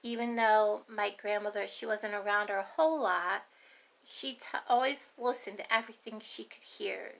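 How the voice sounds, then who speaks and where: A woman's voice: mid-range voice, fairly even intonation, normal speed, gravelly, fairly bright tone. A middle-aged grandmother telling family stories in a folksy, meandering, chatty way. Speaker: grandmother vlogger. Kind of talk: rambling storytelling.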